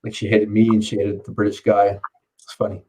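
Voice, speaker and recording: A man's voice: on the low side, completely flat delivery, a little fast, darkish tone, a little hiss or hum, poor audio. A man chatting casually at home, rambling, swearing and laughing often. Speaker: streamer. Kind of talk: casual chat. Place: home, under curfew.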